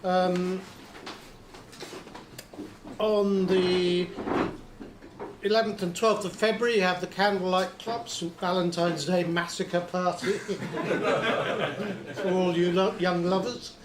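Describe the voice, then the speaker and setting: A man's voice: high-pitched, steady tone, slow pace, pauses often, reverberant, a crowd in the background. A man hosting a club evening, reading announcements loosely with fillers. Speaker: club host.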